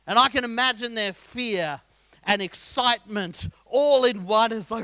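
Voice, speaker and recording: Bright, high preacher. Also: male voice, unhurried, dry recording. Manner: lively storyteller, jokes and quizzes the congregation. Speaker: pastor. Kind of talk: sermon.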